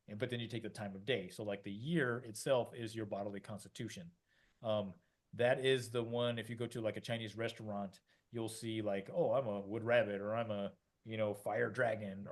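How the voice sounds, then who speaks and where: Rambling man explaining energy ideas. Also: lowish voice. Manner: rambling, many fillers and restarts, acts out quoted voices. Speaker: podcast co-host. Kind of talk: casual conversational explanation.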